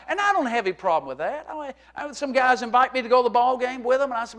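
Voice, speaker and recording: A middle-aged male pastor preaching a humorous, animated sermon to his congregation, moving from quiet talk to shouting. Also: very high-pitched, racing, hardly any pauses. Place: church sanctuary.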